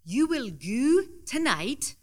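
A man's voice: very high voice, very animated, voice pushed up, full character voice. A woman doing a theatrical shop boss with a phony accent. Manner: slow, theatrical, pronouncing.

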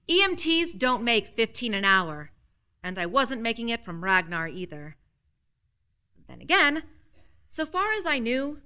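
A woman's voice: a little high, sharp tone. A woman reading a first-person story aloud in a wry, dry, matter-of-fact way.

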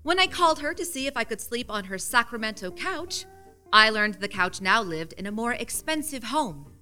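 A woman's voice: a little high, big pitch swings, normal speed, pushed and bright, faint music behind. A woman reading a first-person story aloud in a wry, dry, matter-of-fact way.

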